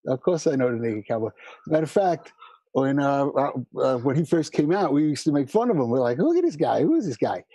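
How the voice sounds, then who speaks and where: Fast-talking husky man, lively storyteller. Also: on the high side, dry recording. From New York. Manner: fast, animated storyteller with many restarts. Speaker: musician guest. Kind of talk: casual interview chat.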